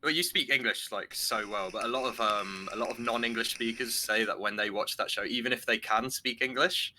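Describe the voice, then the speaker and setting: A young man from Ireland co-hosting a casual podcast chat, animated and swearing freely. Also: medium pitch, brisk, a little hiss or hum. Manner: animated, swearing, laughs often. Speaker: podcast co-host. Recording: faint lo-fi music behind.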